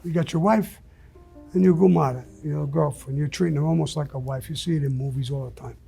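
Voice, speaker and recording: A man being interviewed, telling a story bluntly and profanely in a casual, animated way. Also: a little high, a little fast, gravelly, faint music behind. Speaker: interview guest.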